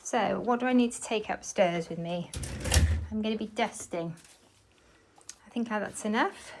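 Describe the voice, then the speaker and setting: A woman cleaning her house talks chattily to the camera, working things out aloud and throwing in jabs at herself, a little short of breath. Her medium-pitched voice is a bit slow, and the chest-harness phone recording indoors carries a little hiss or hum.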